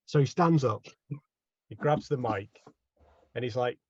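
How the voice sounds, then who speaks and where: A man playing a tabletop game who narrates his character's antics in a lively way, laughing often. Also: medium pitch, a little slow, background noise. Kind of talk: animated in-character storytelling. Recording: dull, dry home mic audio.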